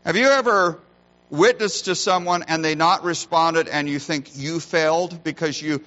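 With a bright, forceful, fairly high voice at a moderate pace, this pastor preaches in earnest. He puts weight on every point, shifts his emphasis, and asks the congregation rhetorical questions, all captured in dull-sounding audio.

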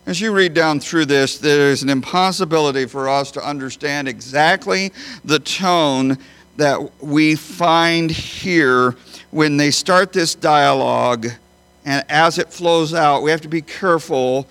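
A man preaching a sermon as a pastor, emphatic, swinging between loud high bursts and quiet low phrases. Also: a little slow, clean tone. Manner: emphatic, with big swings in pitch and loudness.

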